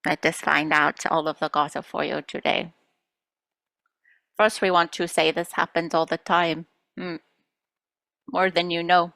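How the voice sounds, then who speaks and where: A woman's voice: sits low, flat delivery, a little slow, vocal fry, pauses often, bright, forceful tone, no echo. A woman channeling spirit guides for a group, speaking as "we" in a playful storytelling manner.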